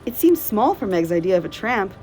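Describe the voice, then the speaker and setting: A woman librarian reading a novel aloud in steady, clear narration. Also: mid-range voice, a little fast, rough recording.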